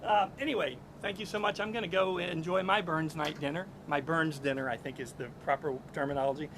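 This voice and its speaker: A man's voice: on the high side, steady tone, fairly quick. Chatty man on a noisy rooftop. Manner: chatty, self-deprecating, hesitant with many ums. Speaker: musician hosting a daily live stream. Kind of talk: casual live-stream chat. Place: rooftop outdoors. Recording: outdoor stream with traffic noise.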